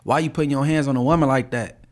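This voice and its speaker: A man's voice: medium pitch, steady tone, quick pace, darkish tone. A man co-hosting a podcast, chatting casually and jokingly with lots of filler phrases. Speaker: podcast co-host. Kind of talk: casual chat.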